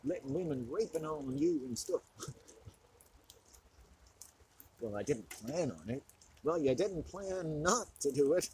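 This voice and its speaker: A man's voice: a little high, a little mellow, slight background noise, low-quality recording. A man alone in the woods, rambling through a comedic, self-mocking monologue. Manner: rambling, self-mocking, laughing between thoughts. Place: outdoors in a forest.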